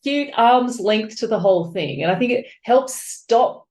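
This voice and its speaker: A woman with a fairly high voice talks openly and with feeling about her book. She tells stories in an animated way and slips into other people's voices. The recording has a noticeable echo from the room. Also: a little slow. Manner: open, emotional, animated storytelling. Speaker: author guest. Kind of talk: podcast interview. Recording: echoey room.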